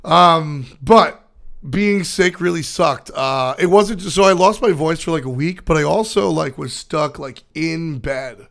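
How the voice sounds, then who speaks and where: Young man, hoarse, gravelly, slightly high voice, rambling casual stream chat. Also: measured pace, fairly bright tone. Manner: rambling, filler-heavy storytelling. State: hoarse, recovering voice. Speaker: esports caster streaming to chat.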